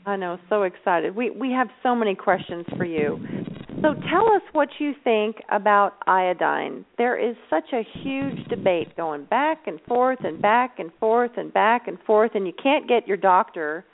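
A woman's voice: mid-range voice, expressive, measured pace, vocal fry. A woman co-hosting a casual podcast chat, chatty and teasing. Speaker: co-host. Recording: tinny phone line with faint noise.

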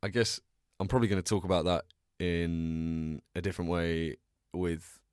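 A man's voice: low voice, steady tone, normal speed, smooth, no room sound, clean studio sound. A young man hosting a solo podcast, chatting casually in a rambling, self-deprecating way and telling stories with bursts of energy. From England. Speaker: podcast host.

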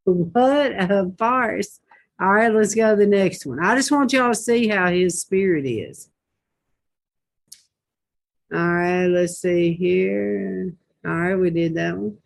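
A woman's voice: mid-range voice, takes it slowly, gravelly, pauses often, a little hiss or hum. A woman hosting a Christian talk show, reading posts aloud and commenting with indignant rhetorical questions.

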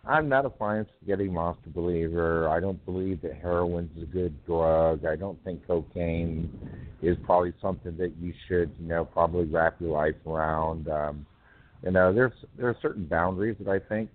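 A man hosting a poetry call-in radio show, rambling and halting with many fillers. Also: low voice, no echo. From North Carolina. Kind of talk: casual call-in chat. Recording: tinny phone line.

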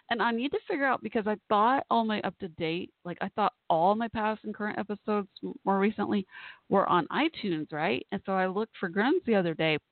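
Alone on a live podcast, a woman talks casually and rambles, laughing frequently. She has a medium pitch and normal speed, and the dry recording comes over a tinny phone call-in line.

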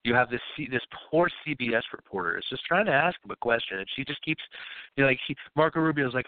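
A man's voice: mid-range voice, animated, quick pace, clear, resonant tone, no echo. A man hosting a podcast, retelling news in a loose, profane way and laughing as he goes. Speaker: podcast host. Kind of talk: casual podcast chat. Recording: tinny phone-like sound.

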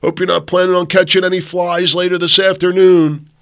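A man's voice: high voice, flat delivery, fairly quick, fairly bright tone, pitched above the performer's own voice. A man voicing a manipulative scorpion in a mocking, needling sing-song. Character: wheedling manipulative scorpion, male, pushy.

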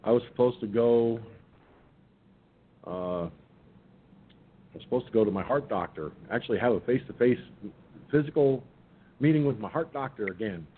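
A man's voice: normal speed, long pauses. An older man hosting an internet radio show, telling a long rambling story about his day with restarts and casual swearing. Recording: muffled phone-line audio with faint rumble.

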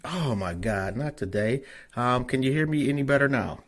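A man's voice: mid-range voice, expressive, normal speed, slight background noise. A man hosting a podcast, talking loosely and cursing casually. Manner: loose, profane, chatty. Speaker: podcast host. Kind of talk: casual interview chat.

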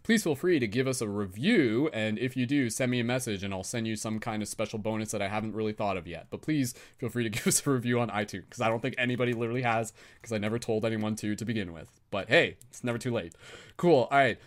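A young man with a somewhat low voice hosts a live stream in a loose, easygoing manner. He leads guided visualizations with slow, drawn-out phrasing, then slips into casual chatter and laughs at himself. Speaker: host.

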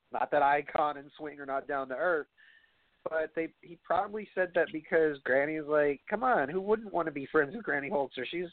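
A man hosting a casual podcast chat, excitable and joking, rambling as he talks. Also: on the high side, no room sound. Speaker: podcast host. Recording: tinny phone-like line.

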